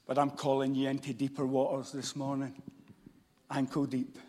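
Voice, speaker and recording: A man with a Scottish accent preaching a sermon, moving between loud shouts and hushed, intense passages. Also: medium pitch, completely flat delivery, moderate pace. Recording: long hall reverb.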